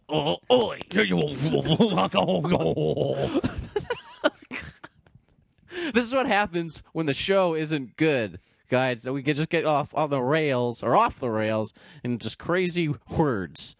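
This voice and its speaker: A man's voice: on the high side, animated, extremely slow, gravelly, pauses often, no echo, clean studio sound. A man co-hosting a podcast in a casual chat, goofy and joke-telling, laughing a lot. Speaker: podcast co-host.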